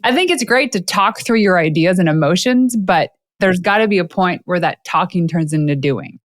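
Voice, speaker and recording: A woman hosting a podcast interview, telling lively personal stories and laughing often. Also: fairly low pitch, normal speed, no echo, clean studio sound. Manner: animated storyteller, laughs often. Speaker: podcast host. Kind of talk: casual interview chat.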